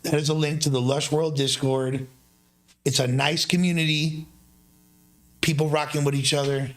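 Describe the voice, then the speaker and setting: A man's voice: on the high side, little pitch movement, moderate pace. A young man hosting a livestream, telling a story in a rambling, profane way full of loose slang. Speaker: streamer.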